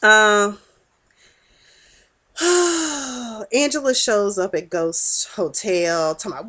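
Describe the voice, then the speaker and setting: A woman's voice: mid-range voice, lively intonation, drawn-out words, pauses often, very noisy. A young woman in a casual vlog, sassily recapping a TV episode and talking back to the characters. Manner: sassy, talks back to the characters, acts out their lines. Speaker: TV episode reviewer.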